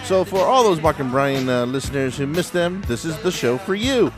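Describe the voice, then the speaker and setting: A man's voice: fairly high pitch, lively intonation, normal speed, music in the background. Upbeat chatty man hosting a podcast. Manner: upbeat, chatty, laughs often. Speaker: podcast host. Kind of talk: casual chat.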